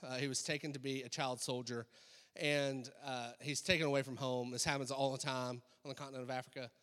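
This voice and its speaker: A man preaching a sermon as pastor, talking in a relaxed conversational way with lots of ums and uhs. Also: mid-range voice, a little fast. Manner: conversational preaching with many fillers. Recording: long echoey hall reverb.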